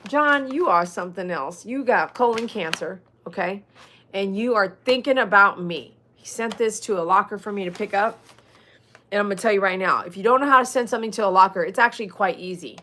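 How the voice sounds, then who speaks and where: A woman's voice: a little high, fairly bright tone. A middle-aged woman with a Texan accent, a dog groomer chatting casually with viewers on a livestream, joking and reading out the chat. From Texas. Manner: chatty, reads out chat, jokes and laughs.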